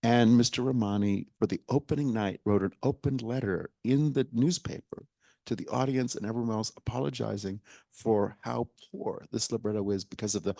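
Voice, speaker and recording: Gravelly-voiced man telling a story. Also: lowish voice, moderate pace, no room sound. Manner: animated retelling, acts out quotes, drops to near whisper. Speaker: guest speaker, theater director. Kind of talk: public conversation, storytelling. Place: library event hall with live audience.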